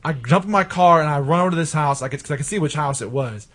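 A man in casual chat, telling a profane, animated story to his co-hosts. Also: a little high, fast talker.

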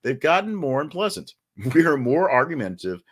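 A man's voice: fairly high pitch, very animated, a little fast, slightly rough. A man hosting a daily news podcast, reading an ad and a rundown in a chatty, rambling way with wry asides. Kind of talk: casual news rundown and ad read.

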